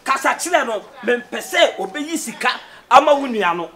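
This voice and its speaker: A man's voice: extremely high pitch, moderate pace, exaggerated voice. A man with a Ghanaian accent playing a stubborn man who keeps repeating that he does not want the money. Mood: insistent. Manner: insistent, repeats himself, refuses flatly. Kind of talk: Ghanaian comedy film acting.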